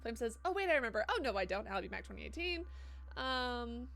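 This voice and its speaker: A woman streams a game live, chatting with viewers in a slightly high, bright voice. She swears freely and reads chat messages aloud between reactions. Faint game music plays behind her. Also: very animated, fairly quick, gravelly. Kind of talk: casual live-stream chat while gaming.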